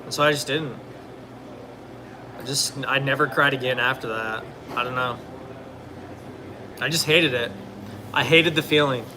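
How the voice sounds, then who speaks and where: A man's voice: mid-range voice, steady tone, a little slow, long pauses, background noise. A young man talking casually and rambling, full of fillers, now and then answering questions from viewers. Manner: rambling, filler-heavy, laid-back. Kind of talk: casual chat.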